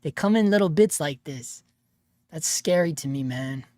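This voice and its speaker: A man's voice: a little high, lively intonation, normal speed, a little mellow, no echo, studio quality. Laid-back man chatting on a livestream. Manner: laid-back, laughs often, says dude and bro. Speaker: livestream host reading chat. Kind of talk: casual live chat.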